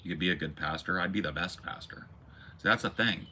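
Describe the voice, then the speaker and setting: A man's voice: low-pitched, fairly quick, bright, forceful tone, slight background noise. A man hosting a podcast, delivering an impassioned, preachy rant full of profanity. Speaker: podcast host. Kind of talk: impassioned monologue.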